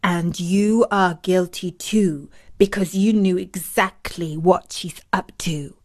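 A woman doing a talking storybook mask, deep, scary, slow, ominous. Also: steady tone, no echo, studio quality. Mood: menacing.

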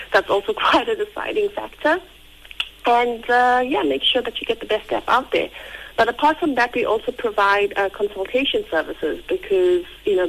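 A woman calls in to a radio interview. Her voice is husky from a sore throat. The tinny phone line carries a faint hiss. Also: medium pitch. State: husky from tonsillitis. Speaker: guest, tech company founder.

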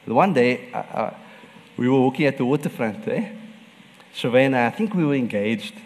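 A man's voice: medium pitch, expressive, moderate pace, long reverb tail. A man preaching a sermon as pastor, telling personal stories and laughing often.

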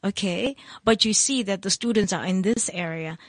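A woman's voice: mid-range voice, normal speed, dry recording, clean studio sound. A woman hosting a radio talk show, interviewing a guest and often repeating words as she begins. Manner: warmly agreeing, repeats words when starting.

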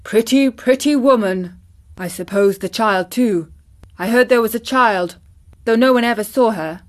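Brief: woman doing a troubled army officer, loud exclamations, storybook man. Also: on the high side, a little slow, lightly acted. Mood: mournful. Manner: startled, exclaiming. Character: large, tired, troubled male army officer.

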